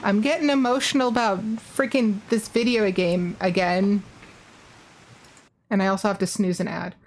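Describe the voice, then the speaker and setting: A woman's voice: medium pitch, fairly even intonation, moderate pace, slight background noise. A woman streamer giving casual game commentary, chatty and openly emotional, with fillers. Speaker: livestreamer.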